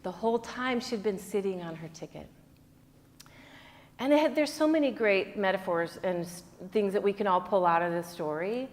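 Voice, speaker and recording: A chatty woman yoga teacher addresses her class at a mid pitch, rambling through stories with lots of fillers and playful sound effects. Her voice carries a long reverb from the studio space. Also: moderate pace. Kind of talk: informal class talk and storytelling.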